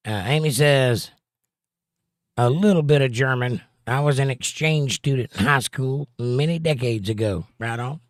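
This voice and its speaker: A man's voice: medium pitch, normal speed, no room sound, studio quality. Playful man reading out stream chat. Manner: playful, rhyming jokes, reads chat aloud. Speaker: livestream host reading chat. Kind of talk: casual chat.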